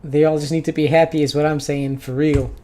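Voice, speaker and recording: A man's voice: a little high, level tone, brisk, close to an everyday voice. A man voicing a brash, slangy party-loving dude in a video game. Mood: hyped. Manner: swaggering, slangy, loud.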